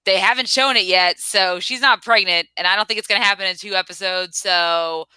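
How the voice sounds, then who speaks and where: A woman's voice: mid-range voice, a little fast, pushed and bright, clear, resonant tone, no echo. A woman co-hosting a casual review show, chatty, spinning theories and laughing easily. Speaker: podcast co-host. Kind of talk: casual chat reviewing a TV episode.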